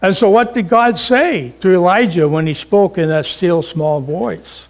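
A man pastor preaching a sermon, swinging between loud emphasis and hushed, near-whispered lines. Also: high voice, expressive, normal speed.

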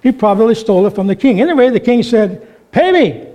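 A man preaching a sermon, telling stories with animated delivery and acting out the voices in them. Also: sits high, fast. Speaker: pastor.

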